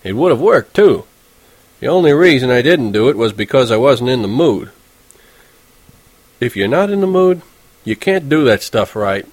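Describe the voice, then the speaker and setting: A man's voice: medium pitch, big pitch swings, moderate pace, pauses often, a little mellow, no room sound. A man reading a first-person novel aloud in a wry, conversational storytelling manner. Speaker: audiobook narrator.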